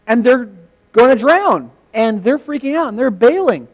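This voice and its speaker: A man with a notably high-pitched voice delivers a sermon as an animated, humorous storyteller. He chuckles often and bursts into loud acted-out lines before dropping back to a conversational tone. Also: normal speed, highs cut off. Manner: acts out biblical scenes with sudden shouted quotes. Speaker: pastor.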